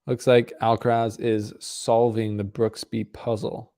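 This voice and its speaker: A man hosts a live watch-along stream with a low, gravelly voice. His commentary is casual and rambling. He drifts between play-by-play and chatting with viewers. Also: level tone, measured pace, mellow. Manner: casual, rambling, talks to chat. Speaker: stream host. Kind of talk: live match commentary and chat.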